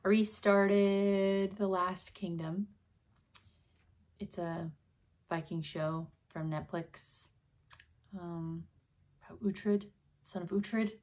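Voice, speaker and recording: A woman's voice: mid-range voice, fairly even intonation, extremely slow, long pauses, a little mellow. A woman in her thirties hosting a casual, rambling video chat, full of ums and likes. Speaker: video host.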